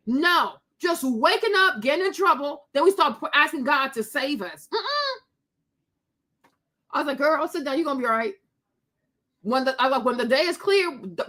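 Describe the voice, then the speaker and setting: Sassy woman vlogger chatting to the camera, high bright voice, keeps laughing. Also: normal speed. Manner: animated, sassy, laughs often, acts out quotes. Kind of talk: casual storytime chat to viewers.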